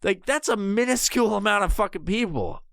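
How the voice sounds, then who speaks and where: High-pitched, brisk and creaky, a man hosts a podcast recorded in clean studio sound without echo. He rambles through an animated, swear-heavy rant, restarting himself often.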